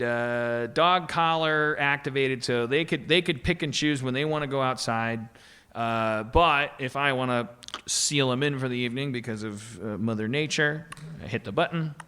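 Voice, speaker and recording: Male podcast host, bright tone, rambling comic storyteller. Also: mid-range voice, normal speed, smooth. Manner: rambling, restarts a lot, swears freely, acts out voices. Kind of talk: casual comedic storytelling. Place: podcast stage with live audience.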